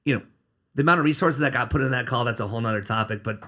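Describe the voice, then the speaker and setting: Male guest lawyer, blunt and sarcastic, with a bright, cutting delivery. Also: mid-range voice, rapid-fire. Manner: blunt, sarcastic, curses freely. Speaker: criminal defense attorney, podcast guest. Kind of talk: casual podcast interview.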